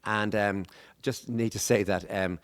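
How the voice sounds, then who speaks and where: A man's voice: fairly low pitch, steady tone, a little slow. A man with an Irish accent, an author speaking on stage at a live book event. He tells stories in a rambling way, with asides and restarts. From Ireland. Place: stage before a live audience.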